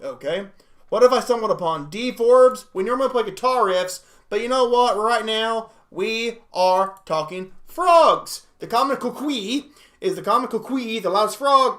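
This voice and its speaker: An excitable young man hosts a casual livestream, reading and reacting out loud. His voice sits high and sounds bright and forward. He laughs often and bursts into exclamations. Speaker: livestream host.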